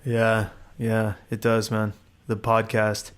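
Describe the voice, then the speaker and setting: Animated man telling stories on a podcast. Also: on the low side, slow pace, clean tone. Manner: animated storyteller, acts out voices, swears casually. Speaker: podcast co-host. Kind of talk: casual podcast chat.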